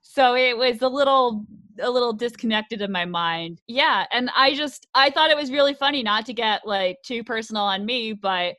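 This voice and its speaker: A woman chats on a podcast with a bright voice, recorded dry and close. She is candid and joking and laughs easily. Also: a little high, normal speed, dry recording. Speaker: podcast co-host. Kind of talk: casual movie chat.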